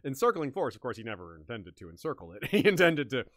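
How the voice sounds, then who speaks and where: A man talks through history in a loose, thinking-aloud way, restarting sentences as ideas come to him. His voice is bright and forward, recorded very dry and close. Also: mid-range voice, sing-song, quick pace, dry recording. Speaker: podcast host. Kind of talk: casual history discussion.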